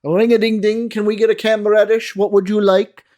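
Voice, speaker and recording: A man's voice: high-pitched, flat delivery, moderate pace, darkish tone, voice pushed up, natural voice. A man voicing a chirpy male team caller with a put-on sing-song accent. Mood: playful.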